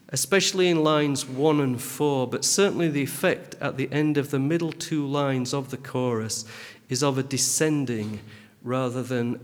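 A man reads a spoken critique in a measured, dry and pedantic way. His voice sits in an ordinary middle pitch. A long, lingering reverb trails after each phrase. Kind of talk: reading a literary critique aloud.

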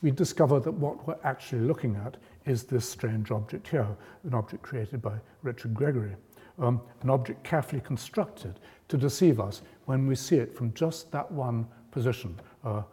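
A man delivers a public lecture in a measured, explanatory manner, pushing up his voice when he stresses a point. His voice is warm and mellow. The sound carries the long reverb of a lecture hall. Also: mid-range voice. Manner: measured, explanatory, rising emphasis on key points.

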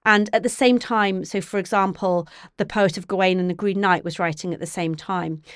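A woman professor explains her subject patiently, pausing to rephrase as she goes. Her pitch sits in the middle for a woman. The sound is close and dry. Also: fairly even intonation, clean tone, dry recording. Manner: thoughtful, explanatory, with many restarts and fillers. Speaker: literature professor. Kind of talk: academic interview.

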